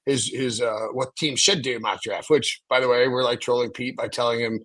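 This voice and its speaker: Man, host, husky tone, loose rambling sports chat. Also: mid-range voice, fairly even intonation, normal speed, a bit bright. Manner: rambling, lots of restarts and fillers. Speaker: podcast host.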